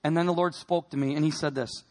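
A man with a noticeably high voice delivers an emotional testimony sermon. He tells his story earnestly, dropping to hushed, heavy moments and then pushing hard for emphasis. He speaks as a man from Wisconsin recounting his own life. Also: fairly even intonation, fast. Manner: earnest storytelling, swinging between quiet and emphatic. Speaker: speaker giving a personal testimony.

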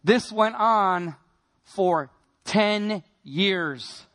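A man with a noticeably high voice delivers an emotional testimony sermon. He tells his story earnestly, dropping to hushed, heavy moments and then pushing hard for emphasis. He speaks as a man from Wisconsin recounting his own life. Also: extremely slow. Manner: earnest storytelling, swinging between quiet and emphatic. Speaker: speaker giving a personal testimony.

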